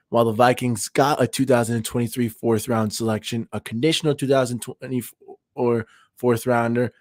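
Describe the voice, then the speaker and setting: A man's voice: medium pitch, a little mellow, no echo, studio quality. Hyped young man on a fan livestream. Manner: hyped, emphatic, rambling fan banter. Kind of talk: excited sports fan livestream talk.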